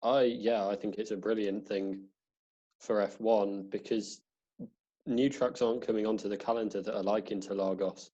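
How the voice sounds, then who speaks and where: A man with a low, husky voice chats on a casual podcast. He talks eagerly and keeps repeating and restarting words. The recording sounds dull and lo-fi. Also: fairly even intonation, normal speed, mellow. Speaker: podcast co-host. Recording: dull lo-fi audio.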